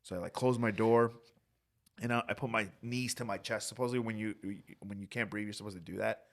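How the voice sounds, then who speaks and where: A young adult man telling a story in a casual, animated, profane way as a podcast co-host. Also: fairly low pitch, a little fast.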